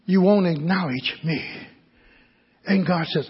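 High-voiced fervent preacher in echoing hall. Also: male voice, expressive, slightly rough, highs cut off. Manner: fervent preaching, swinging from shouted cries to hushed near-whispers; drawn-out, sung-out calls. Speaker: pastor. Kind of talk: sermon.

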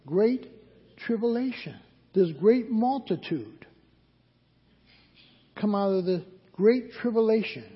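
Husky, slow-preaching man in a hall. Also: high-pitched, lively intonation. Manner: call-and-response questions to the congregation. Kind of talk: sermon. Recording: dull recording with long hall reverb.

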